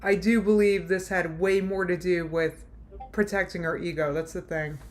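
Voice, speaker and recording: A woman's voice: lowish voice, steady tone, normal speed, soft background music. A woman reacting to a video on a live stream, sarcastic and exasperated, talking back at the clip. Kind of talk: casual react commentary.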